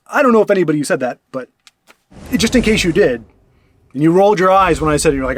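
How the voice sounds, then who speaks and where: A man's voice: fairly high pitch, expressive, quick pace, pauses often, slight background noise. A man giving casual gameplay commentary, chatty and thinking aloud as he plays. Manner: chatty, thinks aloud, frequent restarts and fillers. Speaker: streamer and card game player.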